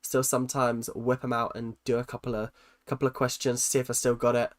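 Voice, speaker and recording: Hosting a livestream, a young London man reads chat comments aloud and responds with teasing, self-mocking jokes full of ums. His mid-range voice is flat and brisk.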